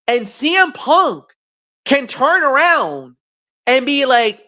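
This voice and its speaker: Slow, blunt ranting woman. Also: high-pitched, big pitch swings, bright, forceful tone. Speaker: wrestling show co-host. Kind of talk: opinionated wrestling commentary. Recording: dull lo-fi stream audio.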